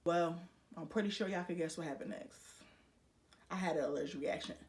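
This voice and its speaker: A young woman vlogger telling a personal story to her viewers, chatty and animated, acting out the voices of the people in it. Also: lowish voice, a little fast. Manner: chatty, speaks straight to viewers with frequent fillers. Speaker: YouTuber. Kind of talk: casual storytelling vlog.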